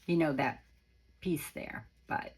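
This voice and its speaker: A woman hosting a casual, chatty craft tutorial with a croaky voice, explaining steps as she goes and correcting herself along the way. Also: low-pitched, fairly even intonation, slow pace, darkish tone, low-quality recording. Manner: chatty, meandering, self-correcting. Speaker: craft channel host.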